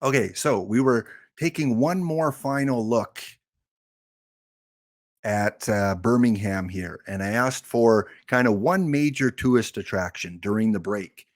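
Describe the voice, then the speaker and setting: A man's voice: lowish voice, measured pace. A man streaming a game live, chatting and joking with his viewers. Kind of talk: casual live-stream chat.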